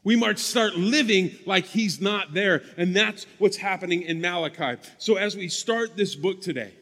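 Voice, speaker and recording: A man's voice: high voice, moderate pace, a bit bright, long reverb tail. A man preaching a sermon as pastor, emphatic, repeating key phrases for stress, in a church sanctuary.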